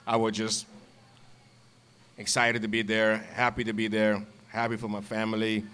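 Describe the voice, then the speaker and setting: A man's voice: on the low side, completely flat delivery, moderate pace, fairly bright tone, clean tone. A man, a former ballplayer, casually telling stories with frequent laughs and repeated words. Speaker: guest, former baseball player. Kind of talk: casual storytelling.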